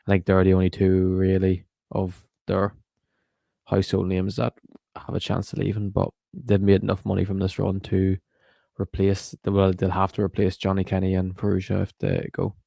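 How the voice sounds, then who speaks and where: A man's voice: deep voice, monotone, moderate pace, creaky, warm tone, dry recording, clean studio sound. A man co-hosting a casual football podcast, matter-of-fact with a teasing streak. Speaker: podcast co-host.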